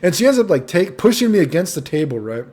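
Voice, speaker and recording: A man's voice: sits high, very animated, fast talker, a little mellow. A young man telling a rambling, profane storytime monologue, tagging lines with "right?". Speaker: vlogger.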